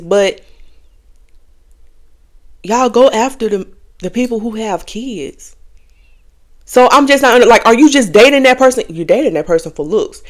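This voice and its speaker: A woman's voice: on the high side, expressive, normal speed, long pauses. A young adult woman hosting a podcast, talking candidly and casually to her viewers, often laughing. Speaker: podcast host. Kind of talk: casual confessional chat.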